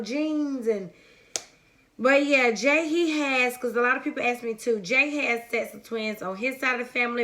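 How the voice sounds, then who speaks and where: A young woman with a fairly high, bright and forceful voice tells a personal story to her viewers. She rambles in a chatty way, fills gaps with "um," and keeps turning to her audience with "y'all.". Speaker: vlogger. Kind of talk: casual story time to viewers.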